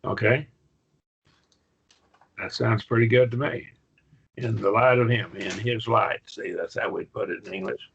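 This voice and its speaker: A man's voice: fairly low pitch, creaky, a bit bright, slightly rough. A man teaching a college-level Greek Bible class, explaining step by step with enthusiasm. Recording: muffled lo-fi class recording.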